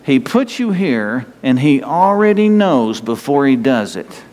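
A man with a North Texas accent, a pastor giving a lively, conversational sermon full of rhetorical questions. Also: mid-range voice, unhurried, long reverb tail.

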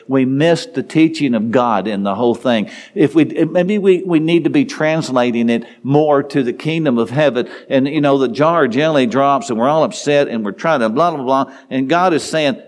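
A man's voice: mid-range voice, darkish tone. A middle-aged man preaching a folksy devotional sermon, telling a homely story in a rambling way with many restarts.

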